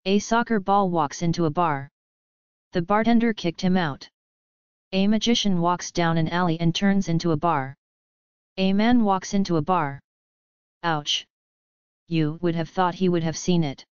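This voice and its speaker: A woman reading a list of drinking jokes and one-liners in a flat, even delivery. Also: fairly low pitch, moderate pace, smooth, no room sound. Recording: dull lo-fi dry recording.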